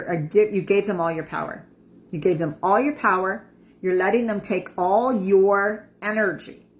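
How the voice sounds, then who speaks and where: A woman's voice: medium pitch, slight background noise. A woman in her fifties giving a casual motivational talk as an empowerment coach, chatty and repeating words for emphasis. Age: 50s.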